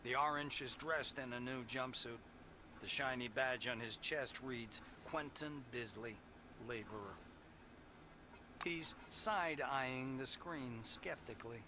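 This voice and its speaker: An actor reading third-person narration for a video game in an even, descriptive way. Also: male voice, medium pitch, slow, noisy background, lightly acted. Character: calm male game narrator. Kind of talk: scripted narration.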